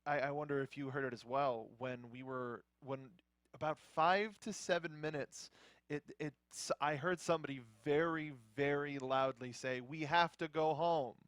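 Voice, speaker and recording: Man panelist, slightly high voice, dry close sound, animated storytelling. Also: moderate pace, smooth, no room sound. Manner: animated storyteller, acts out quotes. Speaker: podcast panelist. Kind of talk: casual chat.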